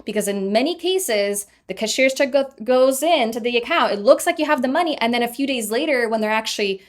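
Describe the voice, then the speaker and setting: A young adult woman telling a personal story in a casual vlog, chatty and animated, often laughing at herself. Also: on the high side, brisk. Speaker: vlogger.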